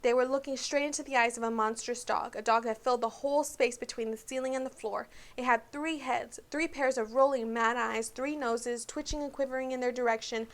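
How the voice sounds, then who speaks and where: A woman's voice: on the high side, fairly quick, hardly any pauses. Woman reading a children's novel aloud. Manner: steady reading with small slips. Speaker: book club reader.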